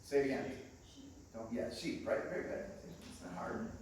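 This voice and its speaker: A man's voice: medium pitch, sing-song, normal speed, gravelly, a little mellow, slight background noise. A man preaching to a congregation, enthusiastic and chatty, calling them friends and laughing often. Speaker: guest preacher. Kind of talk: sermon. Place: church sanctuary. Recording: echoey room picked up from a distance.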